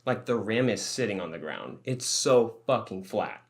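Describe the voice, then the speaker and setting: A man's voice: fairly low pitch, animated, normal speed, gravelly. A young man co-hosting a podcast, telling a rambling story in casual chat, swearing and laughing often. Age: young adult. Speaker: podcast co-host.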